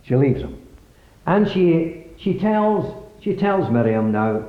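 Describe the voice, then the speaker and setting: A man preaching a sermon, emphatically questioning the congregation, with sudden swings in loudness. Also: on the high side, very animated, takes it slowly. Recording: echoey, dull lo-fi recording.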